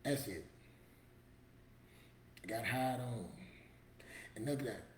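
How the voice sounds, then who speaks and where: A man's voice: mid-range voice, takes it slowly, echoey room, a little hiss or hum. A man giving a motivational talk to camera in a preachy, emphatic, street-casual storytelling manner. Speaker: motivational vlogger.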